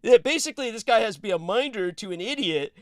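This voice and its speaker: High, clear-voiced man telling rambling stories. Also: animated, quick pace, no echo, clean studio sound. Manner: digressive, swears casually, laughs mid-sentence. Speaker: podcast host. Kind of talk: rambling anecdotal storytelling.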